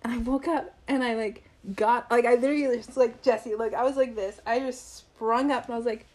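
Young woman, podcast co-host, chatty and animated, slightly high voice. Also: brisk. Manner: animated, laughs often, acts out quotes. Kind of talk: casual storytelling.

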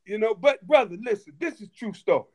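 Animated high-voiced man telling stories. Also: a little fast, highs cut off. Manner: animated, repetitive restarts, laughing asides. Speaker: guest storyteller. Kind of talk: casual storytelling chat.

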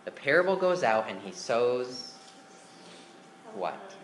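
A man's voice: mid-range voice, sing-song, slow pace, slight background noise. A man preaching a sermon as pastor, conversational and asking the congregation questions. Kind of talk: interactive sermon. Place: church.

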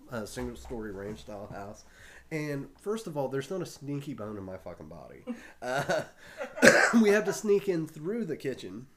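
A man casually telling a long, profane anecdote, often laughing as he talks. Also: medium pitch. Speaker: storyteller on a talk show.

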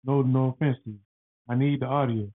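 A man hosting a casual podcast, talking in an excitable, rambling way full of slang and fillers. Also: mid-range voice, fairly quick. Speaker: podcast host. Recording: dry, tinny phone-like sound.

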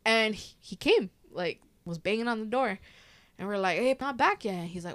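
A woman's voice: mid-range voice, lively intonation, normal speed, a bit bright. A woman in her thirties telling a story in casual chat. She swears freely and acts out the voices of the people in it. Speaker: podcast host.

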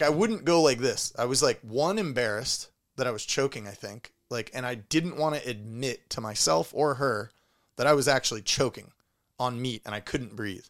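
A man tells a story in loose, casual chat, cursing freely. His voice sits in an ordinary middle register, and he acts out his own lines and groans along the way. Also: mid-range voice. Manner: animated storytelling with swearing and acted-out noises.

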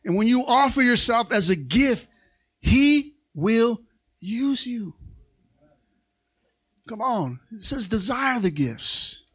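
A man preaching a Pentecostal sermon in a church. He calls for amens and rises to excited shouts. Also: very high-pitched, takes it slowly, pauses often, husky. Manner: call-and-response preaching, asks for amens. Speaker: pastor. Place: church sanctuary.

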